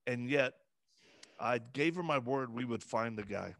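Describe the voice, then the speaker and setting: Gravelly earnest man, dry close sound. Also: mid-range voice, fairly bright tone, dry recording. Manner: earnest, halting, many fillers and restarts. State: emotional, voice breaking at times. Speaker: interview guest. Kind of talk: conversational interview.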